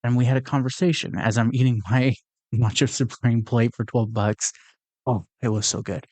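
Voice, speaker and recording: A man's voice: mid-range voice, fairly even intonation, moderate pace, darkish tone, no room sound. A young man hosting his own podcast, talking through his thoughts in a casual, earnest, rambling way, with frequent fillers and restarts. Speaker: podcast host. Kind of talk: casual reflective monologue.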